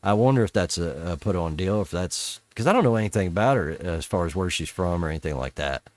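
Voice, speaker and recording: A middle-aged podcast host rambles through a discussion of a show, cursing casually and quoting scenes in different voices. His voice is on the low side with lively intonation and a fast pace, and the sound is dry and close with no echo or room around it.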